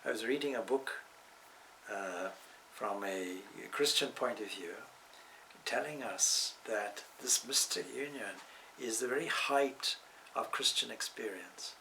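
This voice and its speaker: A man giving a measured, reflective spiritual talk on scripture, with touches of gentle humor. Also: medium pitch, recorded from a distance, slight background noise, low-quality recording. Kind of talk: spiritual discourse.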